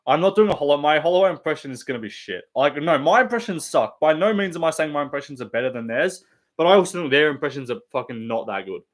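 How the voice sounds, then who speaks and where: A man's voice: a little high, animated, quick pace. A man with an Australian accent hosting a casual live stream, rambling and swearing through blunt opinions.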